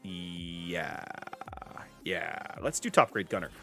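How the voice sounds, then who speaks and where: A man's voice: low-pitched, takes it slowly, vocal fry, faint music behind. A man hosting a casual gaming stream, chatting to his viewers and answering their comments as he plays. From US Gulf Coast. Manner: chatty, animated, reads chat names aloud. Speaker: streamer host.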